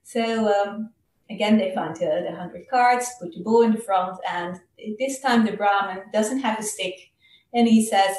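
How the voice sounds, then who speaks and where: A woman casually retelling a Buddhist story during a Dhamma talk, halting and full of fillers. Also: medium pitch, darkish tone. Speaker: Dhamma speaker. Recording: roomy, distant mic.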